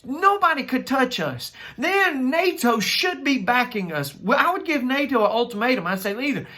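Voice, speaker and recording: A man's voice: very high voice, very animated, moderate pace, bright, forceful tone. A man with a Southern US accent preaching an impassioned monologue, fervent and emphatic, driving points home by repeating phrases. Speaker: minister.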